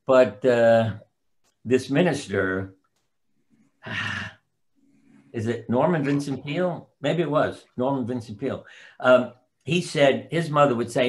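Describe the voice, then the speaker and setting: Taking it slowly and pausing often, a medium-pitched older man, who is a doctor and writer, rambles through anecdotal stories as an interview guest. The conversation is casual, and he occasionally forgets names.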